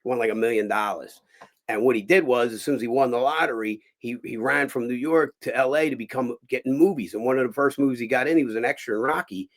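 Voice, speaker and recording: A man from Philadelphia telling a long story in casual chat, acting out the people he quotes in loud, lively impressions. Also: mid-range voice, fast. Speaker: host.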